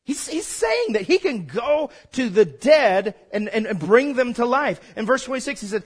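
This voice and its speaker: A man's voice: extremely high pitch, big pitch swings, normal speed, few pauses, breathy edge. A man preaching a sermon as pastor, conversational and folksy, prompting the congregation to call back.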